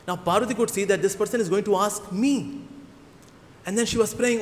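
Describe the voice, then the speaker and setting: A man's voice: sits high, moderate pace, a bit bright. A man preaching a sermon, telling stories animatedly with playful asides. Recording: long hall reverb.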